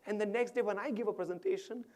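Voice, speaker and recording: A man on stage voicing a grieving widow in her fifties, hushed and tearful, sometimes dropping to a whisper. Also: fairly high pitch, big pitch swings, fast, slightly rough. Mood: grateful.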